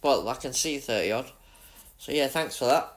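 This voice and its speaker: A man with a Yorkshire accent giving chatty, excitable live commentary on his racing game while talking to his chat. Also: mid-range voice, normal speed. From Leeds, Yorkshire, England. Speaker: gaming streamer.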